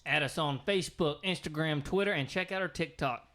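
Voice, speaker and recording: A man's voice: on the high side, a little fast, very noisy. A man co-hosting a podcast in casual chat, chiming in with jokey quips. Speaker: podcast co-host.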